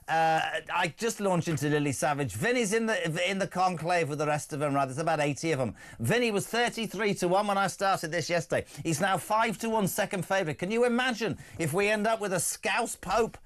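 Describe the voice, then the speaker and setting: Brash high-voiced male radio host. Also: animated, fairly quick. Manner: brash, jokey, opinionated. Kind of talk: lively radio phone-in chat.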